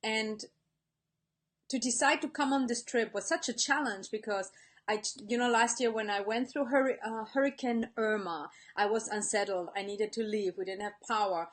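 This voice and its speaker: A woman's voice: fairly high pitch, normal speed. A woman life coach giving an earnest live-stream talk, speaking straight to her viewers and reading out their comments. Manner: earnest, warm-hearted, speaks to viewers directly.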